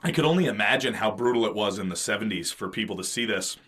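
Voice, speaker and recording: A man's voice: on the low side, expressive, fast, a bit bright. Profane rambling man in his thirties. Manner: profane, rambling, frequent fillers and restarts. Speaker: podcast co-host. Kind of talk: casual movie commentary chat.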